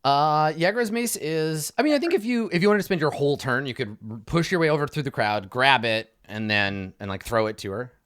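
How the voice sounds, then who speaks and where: Man, dungeon master, tabletop game narration, lively, dry close sound. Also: fairly high pitch, brisk, few pauses, clean tone, dry recording. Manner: lively, vivid narration with frequent fillers.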